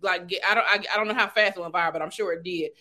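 A woman's voice: fairly low pitch, steady tone, racing, sharp tone. A woman hosting a casual interview, laughing along and giving short affirmations. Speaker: interviewer host.

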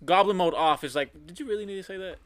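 A man's voice: high voice, quick pace, a bit bright. A man co-hosting a podcast who tosses in joking, teasing quips during casual banter. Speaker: podcast co-host.

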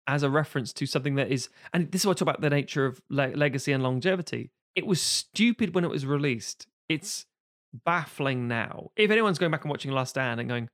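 An animated man co-hosting a film podcast, his pitch swinging widely as he talks. He chats casually and keeps jumping into exaggerated impressions of lines he quotes. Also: a little fast. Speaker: podcast co-host.

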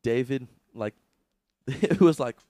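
A man's voice: mid-range voice, slow pace, warm tone, no echo. A young man co-hosting a comedy podcast, rambling through crude stories and laughing often. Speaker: podcast co-host. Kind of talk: casual chat. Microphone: studio microphone.

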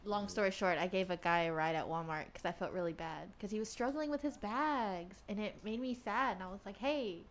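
A woman's voice: medium pitch, fairly quick, few pauses. A young woman tells a story among friends, chatty and often laughing. There is a faint hiss of noise behind her voice. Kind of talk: casual storytelling chat.

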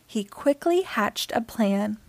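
A woman hosting storytime, reading a children's book aloud with expressive storytelling. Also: on the high side, takes it slowly, creaky, dry recording. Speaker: storytime host.

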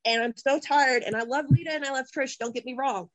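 A woman's voice: high-pitched, fairly quick, dry recording, rough recording. Profane, impassioned woman ranting. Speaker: podcast co-host. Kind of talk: heated wrestling podcast rant.

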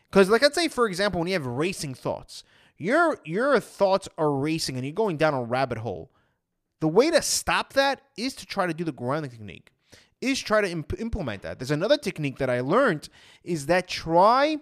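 A man talking casually as an anxiety coach, retelling his own past thoughts in a chatty way. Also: high-pitched. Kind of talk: casual motivational talk.

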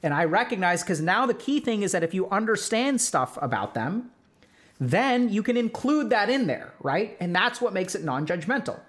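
Chatty advice-giving man, higher voice. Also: very animated, moderate pace, fairly bright tone. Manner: conversational, full of "like" and "right?" check-ins; breaks into role-played example dialogue. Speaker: podcast host giving relationship advice. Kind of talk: explanatory advice talk.

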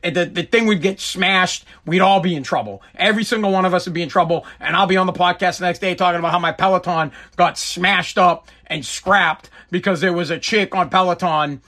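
A man's voice: sits high, a little fast, few pauses, sharp tone. A man hosting a podcast, ranting in a rambling, profane, repetitive way from his home basement. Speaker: podcast host. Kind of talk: casual solo rant.

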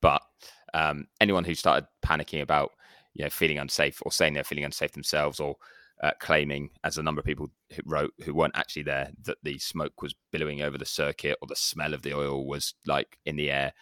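A man's voice: rumbling low, little pitch movement, a little fast, sharp tone, dry recording. A man co-hosting a casual podcast, teasing his co-hosts in dry banter. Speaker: podcast co-host. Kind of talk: casual chat.

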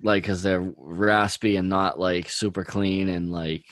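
A man's voice: sits low, flat delivery, a little slow, fairly bright tone, no room sound. A man chatting casually about music, rambling with lots of "like" and "dude". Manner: rambling, heavy use of "like" and "dude".

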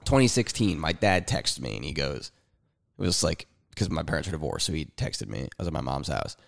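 Young guy cohosting a podcast, real low gravelly voice, bounces all over when he tells a story, swears a lot, dry close sound. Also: very animated, brisk, no echo. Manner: rambling storyteller, swears freely, acts out quotes. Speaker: podcast co-host. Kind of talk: casual chat. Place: room at home. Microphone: headset.

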